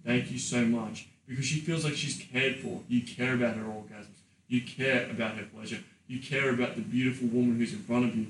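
A man co-hosting a podcast in a crude, animated, swear-heavy way. He sits a little off the mic, so his voice sounds distant in a roomy, echoey space with faint noise underneath. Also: mid-range voice, brisk. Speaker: podcast co-host and sex coach. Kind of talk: casual podcast chat.

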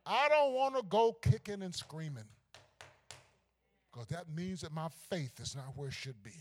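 Animated preaching man, high bright voice. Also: measured pace. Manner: preaching with sudden shouted climaxes and hushed asides. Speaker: pastor. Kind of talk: sermon.

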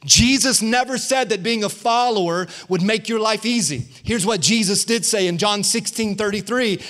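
High-pitched guy preaching hard at a church, lots of come on nows. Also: moderate pace, few pauses, fairly bright tone. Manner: fervent preaching with call-outs to the congregation. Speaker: guest pastor. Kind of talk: energetic online sermon.

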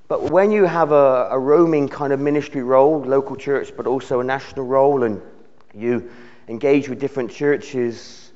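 A man's voice: mid-range voice, moderate pace, darkish tone, lo-fi sound. Earnest man preaching. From United Kingdom. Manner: earnest, repeats words while building phrases. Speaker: visiting preacher. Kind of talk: sermon. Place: church service.

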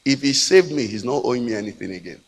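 A man preaching with a Nigerian English accent, swinging between shouted appeals and hushed prayer. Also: medium pitch, animated, fast, vocal fry, big-room sound, rough recording. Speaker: pastor. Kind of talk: sermon.

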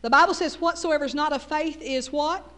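A woman's voice: sits high, a little fast, a bit bright, big-room sound. A middle-aged woman with a Texas Southern accent, preaching a folksy sermon with call-and-response asides.

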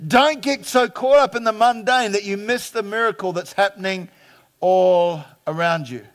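A man, preaching a sermon as pastor, emphatic, acting out quoted voices and swinging from loud to hushed. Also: high-pitched, moderate pace.

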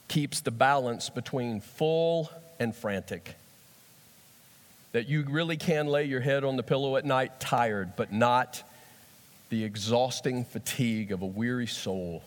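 Animated preacher man in a big hall. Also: mid-range voice. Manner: animated, repeats phrases, shifts between soft and loud. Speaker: pastor. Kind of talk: sermon. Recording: long hall reverb.

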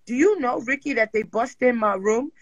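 A woman hosting a casual chat show, telling stories loudly and bluntly with lots of swearing. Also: on the high side, normal speed, dry recording, muffled recording. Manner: loud, profane, animated storytelling. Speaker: host.

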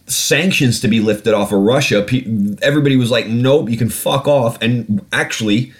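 A man hosting a podcast, ranting animatedly and swearing freely in casual talk. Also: medium pitch. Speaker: podcast host.

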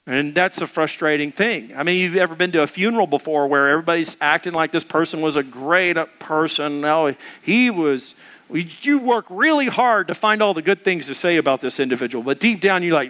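A man's voice: fairly high pitch, expressive, fairly quick, sharp tone. A male preacher giving a conversational sermon who acts out quotes as he goes.

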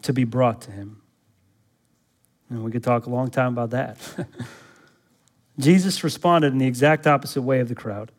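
A pastor preaching a sermon in a church, asking the congregation rhetorical questions and building to loud, urgent exhortation. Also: male voice, medium pitch, normal speed, pauses often.

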